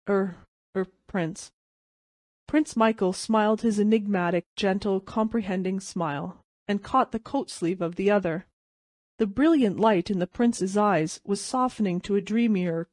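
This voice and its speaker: A woman's voice: medium pitch, normal speed, a little mellow, no echo. Woman narrating a classic story, dry sound. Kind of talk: audiobook reading of a classic short story.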